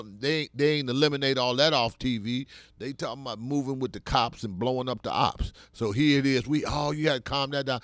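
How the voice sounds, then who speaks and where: A man speaks in an impassioned, preaching style. His voice swells into loud, forceful bursts and then drops back. The sound is close and dry. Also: medium pitch, no room sound.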